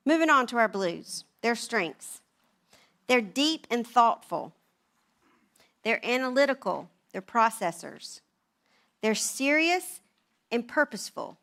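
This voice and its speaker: Lady around 60 giving a funny talk, bright voice, animated and chatty. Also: on the high side, slow pace, long pauses. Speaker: women's event speaker. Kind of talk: humorous personal talk.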